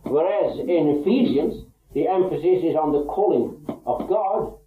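An earnest male preacher gives a measured Bible teaching sermon, pausing often on small hesitations. His voice sits fairly high. The recording is thin and phone-like, echoing in a roomy space with a faint hiss. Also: expressive. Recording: echoey, tinny phone-like old tape.

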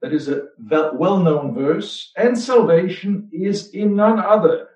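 Slow, deliberate preacher in an echoey hall. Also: male voice, high-pitched, darkish tone, distant mic. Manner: slow, deliberate, with emphatic repetitions. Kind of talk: sermon. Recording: echoey room, voice off-mic.

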